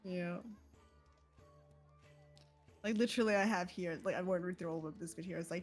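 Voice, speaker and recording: A woman's voice: fairly low pitch, moderate pace, long pauses, soft background music. Giggly rambling young woman. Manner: giggly, rambling, swears freely. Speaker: player in a tabletop game. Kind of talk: casual streamed game chat.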